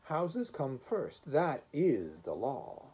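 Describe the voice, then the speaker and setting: Man playing a stern officious inspector, measured delivery, mellow husky tone. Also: mid-range voice, huge pitch swings, voice pushed up, full character voice. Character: stern tall male house inspector, officious.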